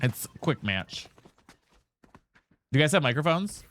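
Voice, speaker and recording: A man streams a game live in chatty fashion, swearing, referring to his audience as "girl and guys," and repeatedly asking teammates whether they have mics. His fairly high voice is very animated and fairly bright, delivered a little slowly.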